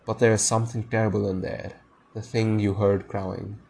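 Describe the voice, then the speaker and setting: A man's voice: lowish voice, little pitch movement, fairly quick, vocal fry, a little mellow, a little hiss or hum. A man voicing a terrified male pirate crewman who speaks hollowly, almost gibbering. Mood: frightened.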